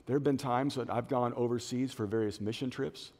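In a church auditorium, a middle-aged man preaches briskly in a mid-range voice. As pastor, he spins lively stories and gives each person in them their own acted-out voice, all wrapped in long hall reverb.

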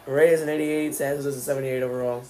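A man streaming live, casually calling the action play-by-play, with sudden excited outbursts. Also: mid-range voice, fast talker. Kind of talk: live watch-along commentary.

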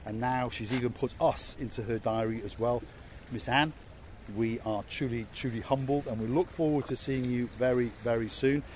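A man's voice: medium pitch, fairly even intonation, moderate pace, a little mellow, slight background noise. A man hosting a vlog, giving a playful walking-tour commentary outdoors on a seaside promenade and repeating words for emphasis. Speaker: vlog host and tour guide.

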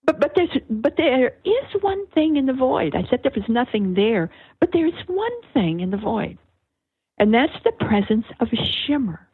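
An older woman, a guest author on an interview, explaining things in a slow, searching way with many fillers and restarts over a phone line. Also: on the high side, big pitch swings, breathy edge, no room sound. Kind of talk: reflective conversational explanation. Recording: tinny phone-line sound.

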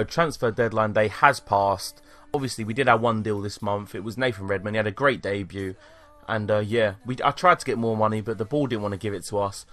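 A young British man commentating live on his own football video game, excitable and swearing at the play. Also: lowish voice. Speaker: gaming YouTuber.

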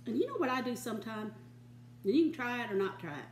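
An older woman hosts a casual home cooking show from her kitchen, chatting folksily and giggling often. Her fairly high voice is sing-song, fast and a little mellow, heard in an echoey room with slight hiss or hum.

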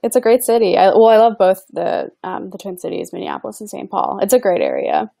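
A woman's voice: medium pitch, wildly swooping pitch, vocal fry, warm tone, dry recording, clean studio sound. A woman who works as an assistant and comedian, chatting casually and bubbly, with a lot of "like" in her talk. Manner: bubbly, fillers of "like", quick laughs. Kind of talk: casual chat.

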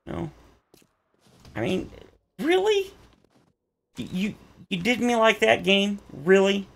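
This man speaks a little slowly in a creaky voice while commentating on a game as a YouTuber. He complains on and on, theatrically exasperated, his pitch leaping dramatically.

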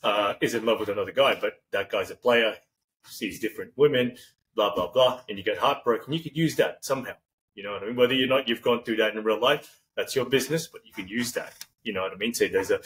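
A man hosting a podcast, talking in a rambling, animated way and acting out example lines. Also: fairly low pitch, fast talker, poor audio. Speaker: podcast host. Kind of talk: casual interview chat.

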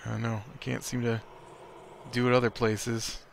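A man's voice: medium pitch, level tone, normal speed, vocal fry, a little hiss or hum. A man hosting a let's play, giving casual gameplay commentary in a chatty way, reacting aloud to the game and laughing often.

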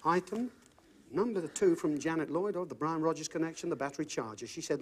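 A man's voice: fairly high pitch, fairly quick, breathy edge. A man hosting a TV game show, bantering and teasing contestants in a bouncy way as he reads out clues. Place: TV studio.

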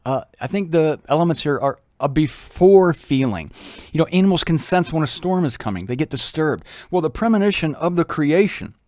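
A man's voice: a little high, expressive, moderate pace, darkish tone, no echo, studio quality. A man giving a conversational, humorous Bible teaching, breaking into little acted voices.

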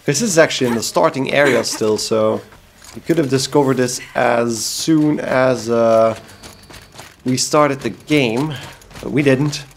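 A man's voice: medium pitch, unhurried, slight background noise. A man from Belgium hosting a let's play, chatting casually and making wry asides to viewers. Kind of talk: casual gameplay commentary.

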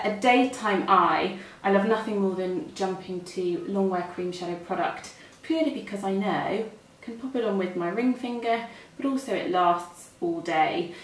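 A woman with a British accent, a makeup artist chatting through each step as she works. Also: medium pitch. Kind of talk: makeup demonstration. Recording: echoey room, mic a bit far.

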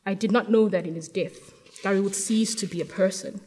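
A woman author giving a measured, expressive live reading of her first-person prose at a literary event. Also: medium pitch, big-room sound, slight background noise. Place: event hall at a university library.

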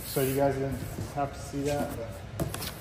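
A man casually talking through a car part install, excitable and blunt. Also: medium pitch, measured pace, big-room sound, noisy background. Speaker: car vlogger. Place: garage.

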